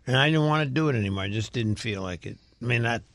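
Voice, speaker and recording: A man's voice: mid-range voice, expressive, quick pace, no echo. A middle-aged man, a radio host, chatting casually and reminiscing with his co-host. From United States. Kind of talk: casual chat.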